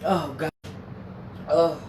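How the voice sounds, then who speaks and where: A woman's voice: low-pitched, steady tone, very slow, noisy background. A woman hosting a casual livestream, brash and chatty, swearing freely and reading out viewer comments, her nose a bit stuffy. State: stuffy, congested. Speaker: livestream host. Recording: echoey room.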